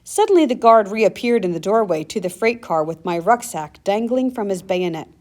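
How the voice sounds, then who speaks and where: A woman reading an audiobook aloud in first person, steady and earnest. Her narration is measured, with a mid-range voice that carries the story plainly. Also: mid-range voice.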